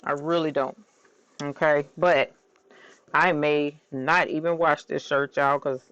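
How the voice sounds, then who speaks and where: A woman hosting a casual craft stream, bubbly and excitable, often squealing and laughing. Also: low-pitched, measured pace, dry recording. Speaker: crafting channel host. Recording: dull, slightly lo-fi sound.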